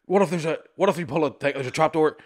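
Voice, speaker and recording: A man co-hosting a podcast, telling animated, sweary anecdotes with acted-out quotes. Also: fairly high pitch, fast. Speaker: podcast co-host. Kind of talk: casual storytelling chat.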